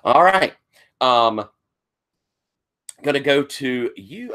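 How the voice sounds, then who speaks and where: A man with a bright, forceful voice leads a tabletop game as its master. He paints the action in loose, improvised descriptions and fills the gaps with easy fillers. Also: mid-range voice, expressive, takes it slowly.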